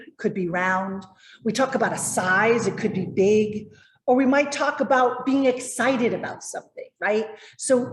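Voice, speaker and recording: A woman presentation coach giving lively, encouraging tips to viewers over a video call. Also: mid-range voice, roomy sound.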